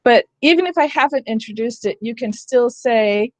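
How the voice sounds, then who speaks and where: A woman's voice: fairly high pitch, normal speed, a little mellow, no echo. A woman leading an online training session for teachers, explaining step by step and checking that her listeners follow. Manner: explanatory, asks "That makes sense?".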